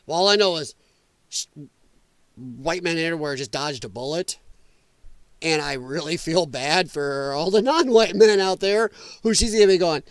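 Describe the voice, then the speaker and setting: A man's voice: fairly high pitch, moderate pace, dry recording. A man hosting a casual commentary show, with heavy audible breathing and mocking, laughing asides. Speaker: host.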